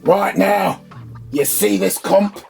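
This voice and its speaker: A man doing an upbeat, high-pitched reviewer persona, playfully showing off a product in his small home studio. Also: takes it slowly, creaky, a little mellow, faint music behind, heavily acted. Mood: enthusiastic. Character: chirpy high-voiced male gun reviewer persona.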